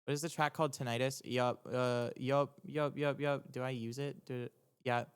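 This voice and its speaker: A young man, a music producer, talking casually on a livestream as he breaks down his own track, rambling and halting with lots of ums, restarts and casual swearing. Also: medium pitch, flat delivery, clean tone. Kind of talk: casual explanatory livestream talk.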